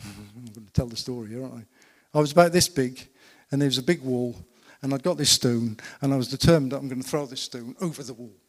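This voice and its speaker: A man's voice: medium pitch, fast. A man preaching a sermon. He tells stories emphatically and asks the congregation rhetorical questions. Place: church. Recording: long reverb of a church hall.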